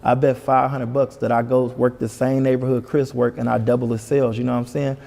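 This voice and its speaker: A man from Detroit tells his story at a quick clip, in a dark, gravelly voice. He is a lively guest who acts out each person's lines. His voice trails off into a long, ringing reverb. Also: medium pitch. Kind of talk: casual storytelling.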